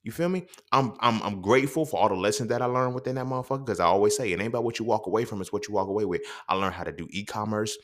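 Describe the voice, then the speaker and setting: Profane, animated young man telling stories. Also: rapid-fire, hardly any pauses. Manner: profane, streetwise storytelling with quoted dialogue; animated, jumps up in pitch when quoting. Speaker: podcast host. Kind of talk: casual monologue.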